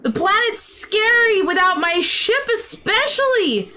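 Excitable high-voiced woman gamer. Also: a little slow. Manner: excitable, startled, laughing and flustered. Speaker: gaming streamer. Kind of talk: casual let's-play commentary.

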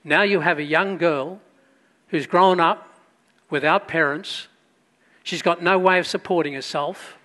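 A man preaching a sermon as pastor, storytelling with loud emphatic bursts and quiet asides. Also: a little high, measured pace, long pauses.

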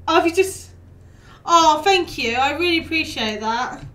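A high, bright-voiced young woman chatting through a live game stream, laughing easily and bantering with what happens on screen. She sits a little back from the mic in an echoey room. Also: expressive, normal speed, far from the mic. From United Kingdom. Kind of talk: casual live-stream chat.

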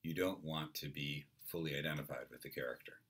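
A male lecturer with a low, husky voice explains ideas in a clear, measured way. His tone is bright and crisp-edged despite the depth. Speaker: theatre lecturer. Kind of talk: university lecture.

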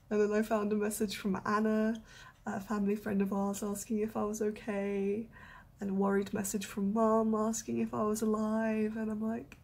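A young woman chatting casually in a vlog, often dropping into a hushed whisper and joking at her own expense. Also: fairly high pitch, normal speed, creaky, husky. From United Kingdom. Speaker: vlogger. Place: indoors in a small warm room, then outdoors in snow and wind. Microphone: handheld camera mic.

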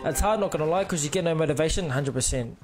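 A man's voice: a little high, quick pace, darkish tone, soft background music. A young man with a New Zealand accent, chatting casually on a gaming livestream and greeting viewers with laid-back slang. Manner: laid-back slang, reads out chat names.

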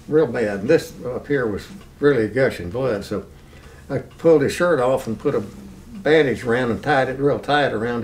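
An older man from Texas telling a war memory in an oral history interview, plain and unhurried, chuckling now and then. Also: medium pitch, darkish tone, far from the mic. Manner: plain unhurried recounting, chuckles at own story.

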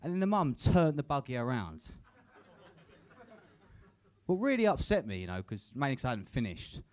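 Performing crude, sweary stand-up at a comedy club, a young man tags his lines with "innit." He has a medium pitch and a darkish tone, sounds very animated and talks at normal speed, with slight background noise.

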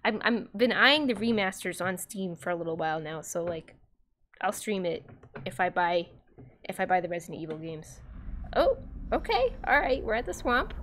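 Young female streamer, animated and giggly, spooks easily; faint ambience under her. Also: fairly low pitch, normal speed, a little hiss or hum. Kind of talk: live game stream commentary.

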